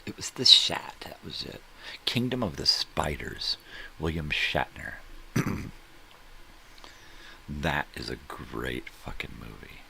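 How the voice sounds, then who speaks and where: Very deep, gravelly middle-aged man. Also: very animated, takes it slowly, pauses often, sharp tone, slight background noise. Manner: rambling, joking, profane, trails off searching for names. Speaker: host. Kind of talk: casual solo livestream chat.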